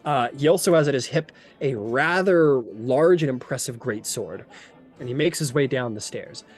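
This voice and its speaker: A man's voice: medium pitch, animated, normal speed. A man running a tabletop game as game master, rambling and descriptive with many fillers.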